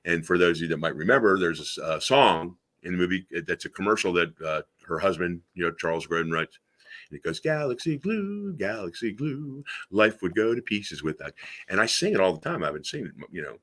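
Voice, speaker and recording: A man's voice: deep voice, expressive, quick pace, a bit bright. A man hosting a talk radio show, telling rambling anecdotes full of fillers and restarts. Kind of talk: casual chat, anecdotes.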